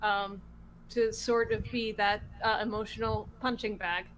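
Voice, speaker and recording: A woman player in a tabletop game podcast, explaining at a measured pace in casual chat. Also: mid-range voice, fairly even intonation, a little hiss or hum, poor audio.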